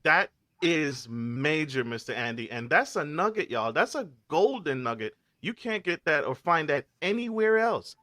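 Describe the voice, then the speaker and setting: A man's voice: fairly high pitch, sing-song, moderate pace, few pauses, bright, forceful tone, no room sound. A man hosting a podcast, effusive and formal, hyping up his guest. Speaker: podcast host. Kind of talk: enthusiastic hosting.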